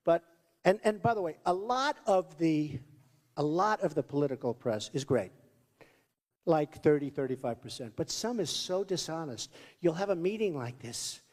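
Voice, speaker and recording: Guy doing a rambling campaign rally speech, pitched kinda high, swings up and down a lot, loud hall echo. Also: lively intonation, moderate pace. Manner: rambling and repetitive, boastful; acts out quoted voices. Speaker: presidential candidate. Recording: long hall reverb.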